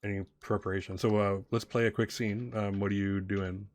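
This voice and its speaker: Low-voiced man running a tabletop game. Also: flat delivery. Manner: halting, many fillers and restarts. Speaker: game master.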